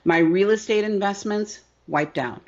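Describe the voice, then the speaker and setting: A woman's voice: mid-range voice, a little slow, muffled recording. A middle-aged woman business coach telling her story in an interview, emphatic and repetitive, often asking "right?".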